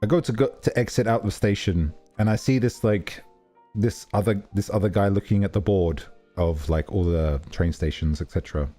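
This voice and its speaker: A man chats casually on a livestream, telling a meandering story with plenty of fillers and restarts. His voice sits low and sounds dark and relaxed. Faint music plays underneath. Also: moderate pace. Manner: rambling, storytelling, many fillers. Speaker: streamer.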